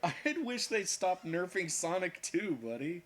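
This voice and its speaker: A man's voice: sits high, animated, unhurried, a little hiss or hum. A man hosting an art livestream, joking and talking through each step of his drawing. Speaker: art streamer. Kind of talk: casual livestream commentary while drawing.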